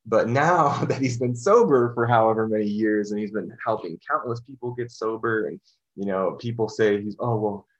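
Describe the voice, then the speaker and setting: A man with a husky, fairly low voice talks in a loose, rambling way, circling back with "you know" and restarts. The recording sounds dull and lo-fi. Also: normal speed. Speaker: podcast discussion guest. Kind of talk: casual discussion.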